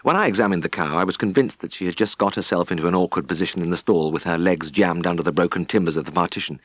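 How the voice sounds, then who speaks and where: A man reading an audiobook in a measured storytelling manner. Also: sits low, dry recording. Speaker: audiobook narrator. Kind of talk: audiobook narration. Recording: dry studio sound.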